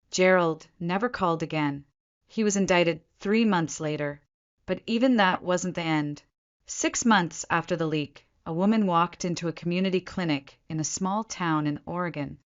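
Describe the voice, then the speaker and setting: Woman narrator, lowish voice, dramatic measured delivery, dull lo-fi recording. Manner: measured, dramatic pauses in short phrases. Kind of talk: scripted first-person story narration.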